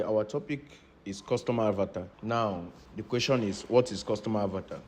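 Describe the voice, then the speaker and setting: A man with a fairly low voice teaching a lecture-style class. He keeps coming back to key terms and asks his listeners whether they understand. He speaks in a patient teacher's rhythm. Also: a little mellow, slight background noise. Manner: repeats key points and checks in with "do you understand?". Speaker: instructor.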